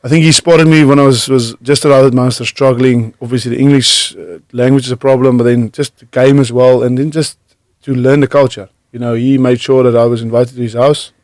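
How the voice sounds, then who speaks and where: A man in his thirties from South Africa, with a South African accent tinged with Irish, telling stories as a radio studio guest in a halting way, full of fillers and restarts. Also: mid-range voice, steady tone, a little mellow, dry recording. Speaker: guest, former rugby player. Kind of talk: relaxed storytelling in a radio interview. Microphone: studio microphone, close and dry.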